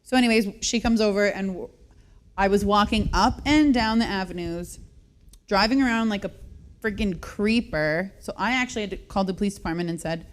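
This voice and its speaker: A chatty woman in her thirties hosts a radio show. She tells a long story in a self-mocking way and breaks into laughter often. Her pitch sits in the middle for a woman. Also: brisk. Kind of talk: casual radio chat, storytelling.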